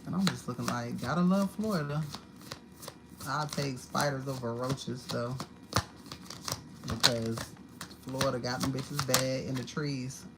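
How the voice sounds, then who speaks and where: A woman's voice: very deep voice, steady tone, unhurried, heavy background noise. Blunt, foul-mouthed woman reading cards. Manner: blunt, profane and repetitive. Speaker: tarot reader. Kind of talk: live-streamed card reading. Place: home apartment.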